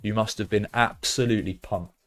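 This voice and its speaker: A young man with a British accent hosts a casual live stream, speaking in a fairly low voice. He rambles through his advice and then erupts into loud, swearing excitement over the results. Faint music plays softly behind him. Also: fairly quick. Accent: British English. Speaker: streamer hosting a fantasy football stream. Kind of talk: casual live-stream chat, reading out chat messages.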